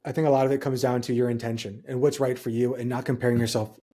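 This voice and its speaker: Fast-talking, husky-voiced young man. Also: medium pitch, flat delivery, dark tone. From Hawaii. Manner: earnest storytelling, reflective. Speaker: podcast co-host. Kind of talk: casual podcast chat.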